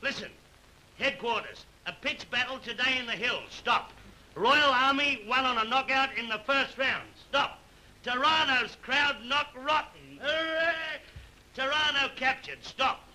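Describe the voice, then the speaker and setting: A cheeky working-class king, all slang and bluster. His voice sits high and sounds very bright and sharp, rattling on in old-time film comedy fashion. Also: expressive, takes it slowly, heavily acted, low-quality recording. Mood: excited. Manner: chatty, bossy, full of slang. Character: excitable working-class man made king, cheeky and boisterous.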